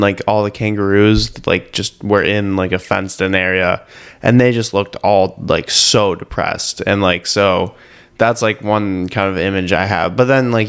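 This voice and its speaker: Young man, casual chat, easygoing, smooth clear voice, lowish pitch. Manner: laid-back, agreeable, frequent "like" fillers.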